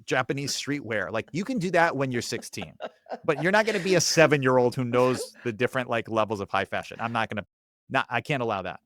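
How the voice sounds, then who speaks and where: Casting: man, 30s, casual comic chat, animated, dry close-miked sound. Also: medium pitch, fast, no echo. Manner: animated, acts out quoted voices. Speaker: podcast guest, comedian.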